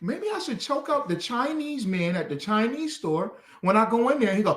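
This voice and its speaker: Fiery, animated man preaching. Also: normal speed, hardly any pauses, echoey room. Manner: fiery, swings from shouting to low muttering. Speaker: street preacher.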